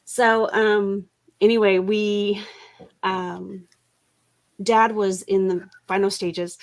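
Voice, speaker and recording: A middle-aged woman chats on a livestream, telling a long personal story. She laughs often and restarts her sentences as she goes. Her pitch sits in an ordinary middle range. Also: flat delivery, takes it slowly, long pauses. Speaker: livestream host. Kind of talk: casual livestream chat.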